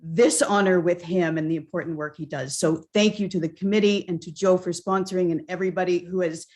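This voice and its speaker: Casting: woman author, slightly low voice, heartfelt acceptance thanks, close to tears. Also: steady tone, a little fast, a little mellow. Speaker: award-winning author. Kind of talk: acceptance remarks. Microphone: video call.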